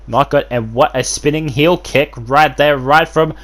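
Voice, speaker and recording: Guy doing wrestling play-by-play, kinda high voice, rambles a ton, gets hyped on big moves. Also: unhurried, fairly bright tone. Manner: rambling, constant fillers and restarts, bursts of hype. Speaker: host and play-by-play commentator. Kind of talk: excited wrestling play-by-play commentary.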